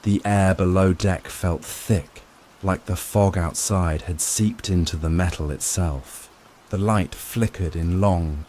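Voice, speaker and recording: A man narrates a first-person horror tale in a slow, hushed way. His voice sits very low, and a faint patter of rain runs quietly underneath. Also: slight background noise. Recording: faint rain sound behind voice.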